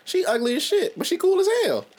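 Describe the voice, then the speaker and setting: A man's voice: extremely high pitch, quick pace. A man in his twenties, a podcast co-host, telling a story in casual chat, swearing freely and laughing as he goes. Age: 20s. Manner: animated, profane, laughs through his own story.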